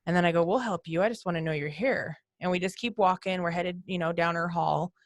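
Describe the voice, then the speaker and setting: A woman's voice: lowish voice, fairly quick, dry recording, studio quality. A woman guest on a podcast, telling her ghost hunting stories in a chatty way and mimicking voices from her recordings. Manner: chatty, retells events and mimics voices heard on tape. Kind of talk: casual podcast storytelling.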